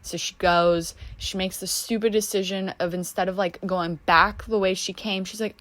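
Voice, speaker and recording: A woman's voice: mid-range voice, fairly even intonation, normal speed, hardly any pauses, a bit bright, dry recording. A young American woman vlogger chatting casually while she draws, rambling with lots of "like" and restarts. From United States. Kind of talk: casual chat while drawing.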